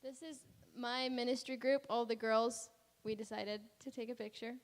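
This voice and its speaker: Brief: chatty woman with a higher voice, casual photo-by-photo report, long church-hall reverb. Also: steady tone, moderate pace. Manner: chatty, laughing often. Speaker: mission trip presenter. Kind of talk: casual slideshow presentation. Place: church sanctuary.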